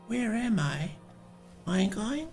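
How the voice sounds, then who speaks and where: A man's voice: high-pitched, big pitch swings, slow, a little mellow, faint music behind, pitched above the performer's own voice, full character voice. A man voicing a frightened, lost male pig in a kilt who pleads with panicky questions. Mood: panicked.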